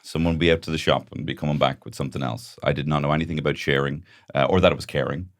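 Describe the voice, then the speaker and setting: Irish man, very low voice, quick delivery, dry close sound, casual comedic chat. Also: steady tone, dry recording. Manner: rambling storyteller, laughs often. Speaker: podcast co-host.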